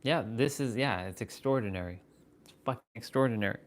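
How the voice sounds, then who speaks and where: A man hosting a livestream, musing aloud in halting, wondering phrases with bursts of excited swearing. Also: medium pitch, slight background noise. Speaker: fitness and wisdom livestream host. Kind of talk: live stream musing.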